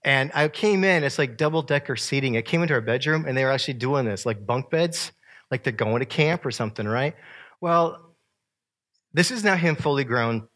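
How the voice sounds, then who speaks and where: A man, joking with an audience as he walks through family photos, swinging from loud to soft. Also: medium pitch, expressive, moderate pace. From Virginia. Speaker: speaker sharing family photos. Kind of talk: casual talk to an audience.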